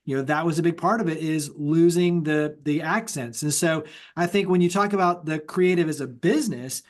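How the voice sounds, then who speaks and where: Male podcast host, bright high register, meandering conversational questions. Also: normal speed. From Texas. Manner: loose, rambling questions with fillers. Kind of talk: podcast interview.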